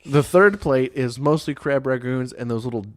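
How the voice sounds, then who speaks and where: Podcast co-host, male, profane joker telling stories with laughs, mid-pitched, dry close mic. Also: moderate pace, no echo. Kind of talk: casual crude banter. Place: basement.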